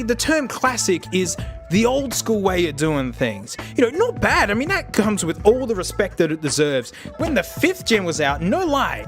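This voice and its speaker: A young man talking casually in a tech review vlog, excitable and jokey, with loud bursts of laughter. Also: sits high. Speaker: tech video host.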